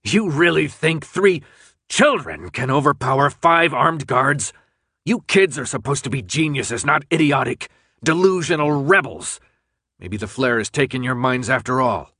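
A man's voice: mid-range voice, expressive, measured pace, pushed and bright, breathy edge, dry recording, pitched above the performer's own voice, full character voice. A man voicing a cold, scheming male official in a dry audiobook read, clipped and commanding. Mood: mocking.

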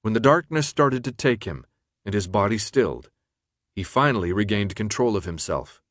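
With a fairly low pitch, a man reads an audiobook script in a calm, measured way. There's no echo, and the sound is studio quality.

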